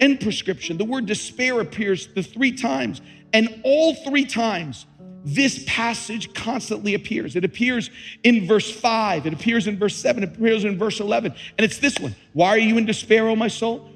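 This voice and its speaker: Pastor, male, high husky voice, fervent repetitive delivery; reverberant hall, light music bed. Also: fairly bright tone. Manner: preaching with rising fervor, repeats key lines. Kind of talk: sermon.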